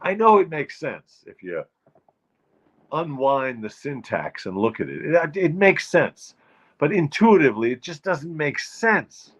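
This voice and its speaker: Wry, animated man ranting comically. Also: on the high side, unhurried, dull audio. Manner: wry, emphatic ranting about phrases. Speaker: show host. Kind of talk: comic monologue.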